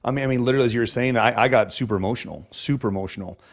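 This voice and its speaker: A man's voice: mid-range voice, racing. A man hosting a podcast interview, a chiropractor who talks in an emotional, rambling way with many restarts.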